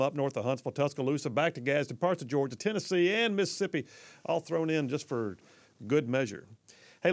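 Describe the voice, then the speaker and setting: A man from Alabama with a Southern accent, hosting a conservative talk radio show in a folksy, emphatic, chatty way. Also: medium pitch.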